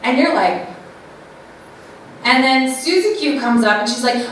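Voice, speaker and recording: A woman giving a live talk to an audience, animated, acting out little quoted voices and often checking in with the crowd. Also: high voice, a little slow. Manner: animated, acts out quoted voices, keeps asking "right?". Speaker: speaker at an event. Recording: very echoey room, mic far off, faint noise.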